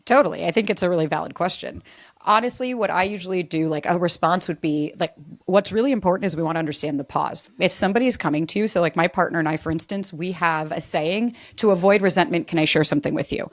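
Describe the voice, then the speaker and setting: A woman's voice: on the low side, quick pace, dry recording. Woman coach, dry close sound. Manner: fluent, uses "like" often, acts out example dialogue. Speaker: relationship coach, guest. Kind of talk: casual interview chat.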